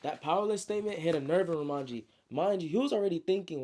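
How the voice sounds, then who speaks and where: A man's voice: on the high side, expressive, quick pace, warm tone, a little hiss or hum. A man casually retelling his own story like a friend, slangy and full of spoken sound effects. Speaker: storyteller, author.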